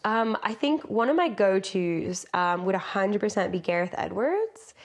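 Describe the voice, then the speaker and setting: A woman's voice: mid-range voice, moderate pace. A woman from the United States, a podcast guest talking conversationally and acting out quotes as she tells stories. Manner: animated storyteller who acts out quotes. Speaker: podcast guest, lived experience practitioner. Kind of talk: conversational interview.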